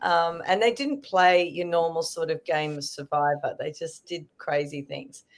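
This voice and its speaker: A woman chatting as a podcast guest, telling stories in an animated way. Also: low voice, a little slow. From Australia. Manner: chatty, animated storytelling with fillers. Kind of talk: casual podcast chat.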